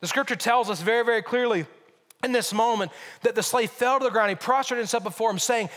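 A male pastor with a high voice delivers a sermon. He stresses his points, repeats phrases and asks his listeners rhetorical questions. His voice rings with the long reverb of a large hall. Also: fast talker, a bit bright.

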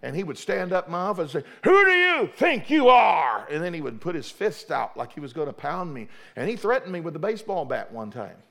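A man's voice: on the high side, lively intonation, fast talker, creaky, hardly any pauses. A middle-aged man, a pastor preaching a sermon fervently, often repeating and restarting his words.

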